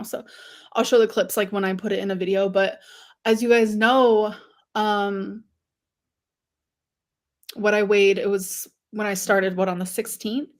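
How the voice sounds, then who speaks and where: A woman chatting casually to viewers on a livestream, rambling with lots of fillers and giggles. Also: medium pitch.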